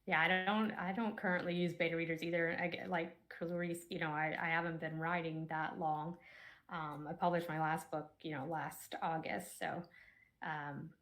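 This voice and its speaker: A woman's voice: sits low, little pitch movement, normal speed, fairly bright tone. A woman guest author on a video call, speaking hesitantly with frequent fillers and light laughs. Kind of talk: casual panel discussion.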